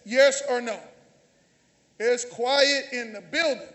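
Southern preacher guy, real high voice, teasing the church, call and response. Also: slow, fairly bright tone. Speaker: pastor. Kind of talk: sermon. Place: church sanctuary. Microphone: handheld or stage mic.

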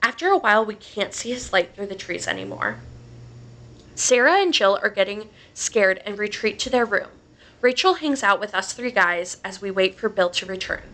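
A woman's voice: medium pitch, lively intonation, moderate pace, pushed and bright. A woman podcast host casually reading a horror story aloud, swearing freely and laughing between lines.

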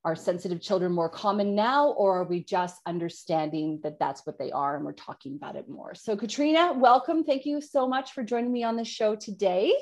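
A woman's voice: medium pitch, expressive, brisk, hardly any pauses, a little mellow. A woman hosting a podcast interview, upbeat and encouraging toward her guest. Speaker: podcast host.

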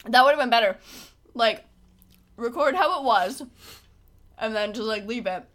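A woman with a fairly high voice co-hosts a casual podcast. She reads ingredient lists aloud and teases her partner in easy, chatty talk. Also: animated, normal speed, fairly bright tone. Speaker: podcast co-host. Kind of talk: casual chat.

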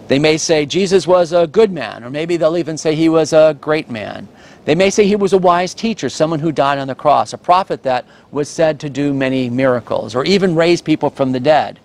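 A middle-aged male pastor preaching a sermon, stressing key words and adding light asides. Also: fairly high pitch.

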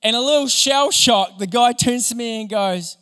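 A young adult man preaching a sermon, telling stories in an animated, enthusiastic way. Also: very high voice, moderate pace, clean tone. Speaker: pastor. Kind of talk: sermon with storytelling. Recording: long hall reverb.

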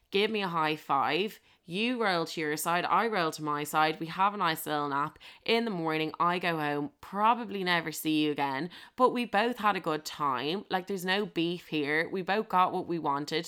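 A young woman with an Irish accent telling a story in a brash, profane, animated way on a podcast. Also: low voice. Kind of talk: casual anecdote storytelling.

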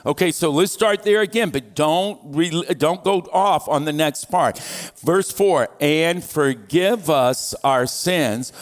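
A male pastor preaches at a slow, unhurried pace in a somewhat higher voice. He leads the congregation in reading aloud together and drops in light jokes. His voice carries the long reverb of a large church hall. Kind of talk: sermon.

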